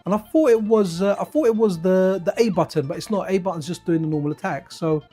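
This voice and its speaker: A man's voice: high voice, quick pace, mellow, breathy edge. A man, hosting a retro gaming livestream in casual, rambling chat with viewers. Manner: rambling, laughing, chatty with viewers. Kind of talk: casual gameplay commentary and chat. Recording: faint game music behind.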